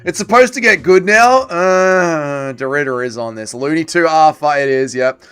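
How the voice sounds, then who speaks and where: A man's voice: fairly high pitch, expressive, moderate pace, fairly bright tone, smooth. A man hosting a livestream watch party, chatting casually and joking as he reads viewer comments aloud and answers them. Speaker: livestream host.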